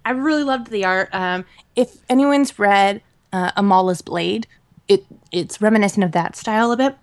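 A woman co-hosting a podcast in casual chat, talking in an animated, rambling way with lots of fillers and laughter. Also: mid-range voice, moderate pace. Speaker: podcast co-host.

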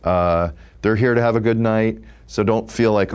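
A man in his fifties, an improv comedian, speaks at normal speed with a fairly low pitch and clean tone. His interview talk is casual and relaxed, rambling along with many "like" fillers.

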